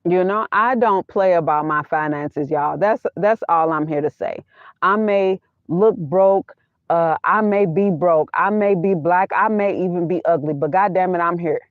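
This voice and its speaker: A woman vlogger with a lowish voice speaks a little slowly, chatting casually about money from inside her minivan. She's blunt and emphatic, repeating her points, and the dry, echo-free sound is tinny, like a phone.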